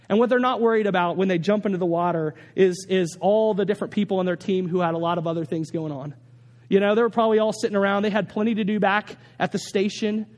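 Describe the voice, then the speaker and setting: Male pastor, high voice, earnest and animated, long hall echo. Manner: earnest, animated storytelling with many restarts. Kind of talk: sermon.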